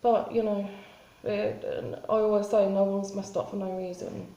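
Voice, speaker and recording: A woman talking in a spontaneous confessional vlog, halting and rambling with many restarts and fillers. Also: medium pitch, flat delivery, mellow, echoey room, rough recording. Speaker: vlogger.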